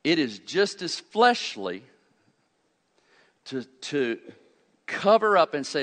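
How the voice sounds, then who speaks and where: A man preaching a fiery sermon, swinging from loud urgent peaks to quiet low asides and asking his congregation questions. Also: very animated, slow pace. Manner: asks the congregation questions and answers them. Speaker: pastor. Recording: long hall reverb.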